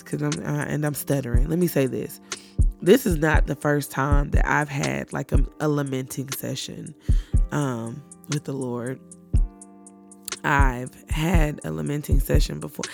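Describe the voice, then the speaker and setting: A woman hosting a personal faith podcast who talks candidly and reflectively, often pausing with fillers. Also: low voice, gravelly, a little mellow. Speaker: podcast host.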